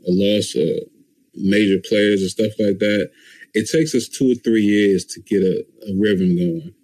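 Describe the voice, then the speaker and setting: A man's voice: lowish voice, steady tone, unhurried, dark tone, no room sound, low-quality recording. A man from Maryland with a slight country accent, chatting casually as a podcast host, rambling with lots of fillers. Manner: laid-back, rambling with fillers. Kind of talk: casual chat.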